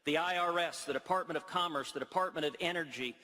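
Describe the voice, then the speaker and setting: A man's voice: a little high, fast, pushed and bright. A man giving a campaign speech in a large hall, with punchy delivery and quips. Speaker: presidential candidate. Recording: reverberant hall with crowd.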